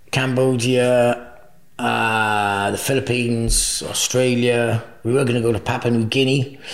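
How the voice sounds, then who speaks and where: A man's voice: on the low side, vocal fry. A man as an interview guest, telling crude travel anecdotes with frequent laughter. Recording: echoey room.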